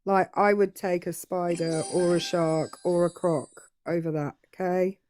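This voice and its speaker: A woman's voice: lowish voice, fairly even intonation, a little slow, a little mellow, a little hiss or hum. A British woman co-hosting a casual live-stream chat, teasing and dry. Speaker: co-host.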